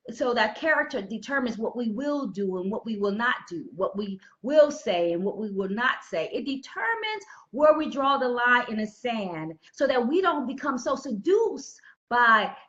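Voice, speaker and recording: A woman speaker delivers an inspirational talk over a live stream, preachy and fond of repeating her points. Her voice sits high and swings widely in pitch. The sound is dull and lo-fi. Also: a bit bright. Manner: preachy, repeats key phrases, greets viewers by name. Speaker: motivational speaker.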